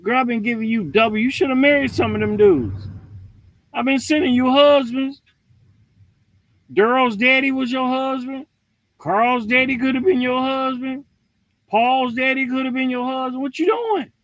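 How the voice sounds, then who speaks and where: A man's voice: extremely high pitch, normal speed, fairly bright tone, no room sound, voice pushed up, low-quality recording. A man voicing an exasperated God who scolds a complaining woman in an incredulous tone.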